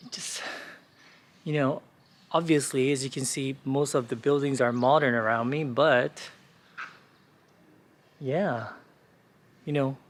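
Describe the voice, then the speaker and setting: A man's voice: medium pitch, unhurried, pauses often, slight background noise. A man giving a casual, informative walking tour outdoors, with frequent fillers as he explains the sights. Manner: relaxed, informative, with frequent "uh" and "you know" fillers. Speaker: travel vlogger and walking tour guide. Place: outdoors on city streets.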